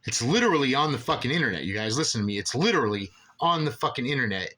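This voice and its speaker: A man's voice: medium pitch, lively intonation, quick pace, bright, forceful tone. A man in an agitated, profane monologue, rambling with many restarts as an aggrieved father ranting about officials. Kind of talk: angry monologue.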